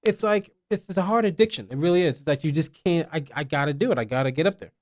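Halting New Jersey comedian. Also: male voice, on the high side, animated. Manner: halting, repeats himself. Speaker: guest comedian. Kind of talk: casual chat. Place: radio studio.

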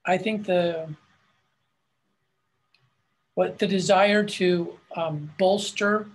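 A man, a company founder and CEO, explaining a product in a meandering way with frequent restarts. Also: high voice. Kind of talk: webinar product talk.

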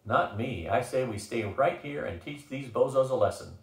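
A man's voice: medium pitch, expressive, normal speed, far from the mic, close to an everyday voice. A man voicing a brash, strong-willed young woman who talks firmly and teasingly. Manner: firm, teasing. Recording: roomy echo.

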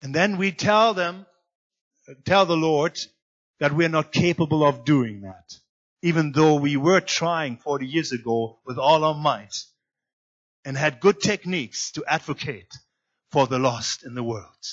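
A man preaching a sermon as guest pastor in a church, swinging between loud emphatic lines and quiet low asides. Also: a little slow, lo-fi sound. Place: church sanctuary.

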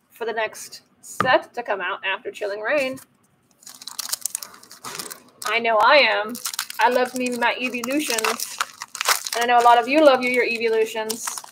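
A playful woman with a fairly high voice chats casually as she opens card packs. Her commentary is loose and joking. A faint hiss sits under her voice. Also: fairly bright tone, low-quality recording. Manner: chatty and playful, jokes about the cards. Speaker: host of a card-opening channel.

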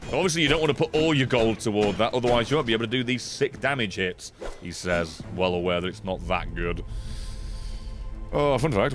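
A man streaming a video game, chatting and swearing excitedly, swinging from low mutters to sudden yelps. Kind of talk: casual gameplay commentary.

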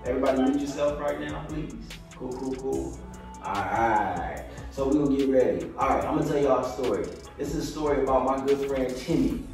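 A man leading a kids' yoga lesson on a video call, hyping the children up, then guiding slow breathing in a soft voice. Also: medium pitch, creaky, faint music behind. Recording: echoey room, far from the mic.

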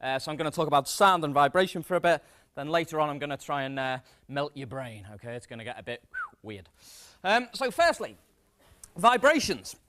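A man gives a comic science demonstration to a live audience. His voice sits high and swoops about, and he talks in an energetic, self-mocking way. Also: brisk. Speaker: science presenter. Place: stage before a live audience.

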